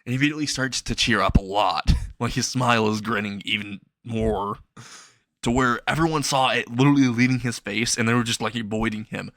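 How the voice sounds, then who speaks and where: A man's voice: mid-range voice, fairly bright tone, no room sound, clean studio sound. A man casually improvising a fan story, chuckling and rambling with frequent restarts.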